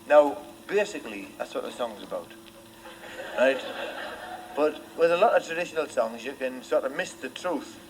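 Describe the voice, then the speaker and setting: High-voiced storyteller. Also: male voice, brisk, slight background noise, rough recording. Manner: rambling, deadpan, repeats his phrases. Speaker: folk singer and entertainer. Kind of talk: comic storytelling on stage. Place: live concert stage.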